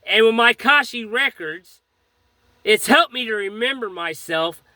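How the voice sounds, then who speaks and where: Man, high voice, very sharp and bright tone, earnest rambling testimony, dry close sound. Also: animated, a little slow, dry recording. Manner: earnest, rambling, fervent about faith; speech full of fillers and restarts. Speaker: storyteller recounting a personal experience. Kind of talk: casual spoken testimony.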